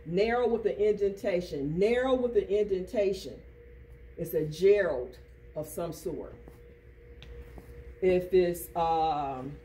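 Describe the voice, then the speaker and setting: The instructor's voice is medium-pitched and warm, recorded from a distance in a classroom with faint background noise. They drill vocabulary with rhythmic repetition and call-and-response questions put to students.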